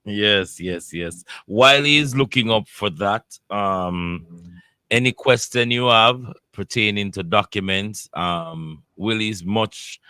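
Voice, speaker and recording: Male workshop host, very low pitch, bright edge, measured with fillers, dry sound. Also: clear, resonant tone, no room sound. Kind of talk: online workshop talk.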